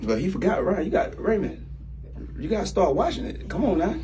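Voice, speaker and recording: A man playing a new boss in a comedy sketch, bossy, loud and teasing, with big swings in pitch. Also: big pitch swings, brisk.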